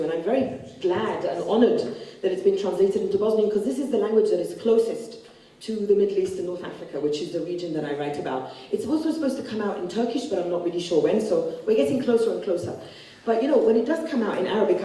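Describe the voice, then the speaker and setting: A woman's voice: medium pitch, dark tone. A woman author talking bluntly about her book onstage at a festival, acting out the people she quotes. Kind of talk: festival stage conversation. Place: large hall at a literature festival. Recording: echoey hall from far off.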